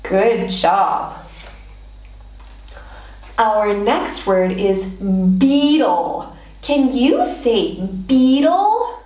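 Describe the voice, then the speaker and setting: A woman's voice: medium pitch, big pitch swings, drawn-out words, pauses often, darkish tone. A woman teaching English words to young children, prompting them to repeat and praising them in an encouraging, sing-song way. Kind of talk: slow children's vocabulary lesson. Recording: echoey room, voice a bit far from mic.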